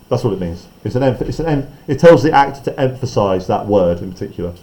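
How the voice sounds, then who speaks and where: A male teacher walking a class through a play script at a mid pitch. He talks in a loose, conversational way, explaining as he goes and tagging his points with quick checks on the students. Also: animated, mellow. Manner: chatty, explaining, often checks in with "right?". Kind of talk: classroom text analysis.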